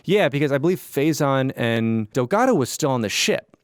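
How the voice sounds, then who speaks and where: A man's voice: mid-range voice, animated, moderate pace, clear, resonant tone, no room sound, studio quality. A young man co-hosting a podcast, casually retelling a story and quoting characters as he goes. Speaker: podcast co-host. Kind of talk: casual chat.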